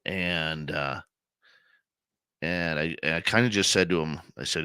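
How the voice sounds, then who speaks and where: A man with a very low yet strikingly bright, forceful voice hosts a radio show. He tells a personal story in an emotional, heartfelt way. The recording is dry and close. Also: steady tone, unhurried, long pauses, clean tone, dry recording. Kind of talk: conversational interview.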